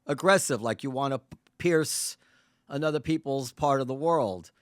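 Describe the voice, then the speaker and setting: A man's voice: medium pitch, no room sound. Hesitant male interviewer, dry close voice. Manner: hesitant, halting questions. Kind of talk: casual interview.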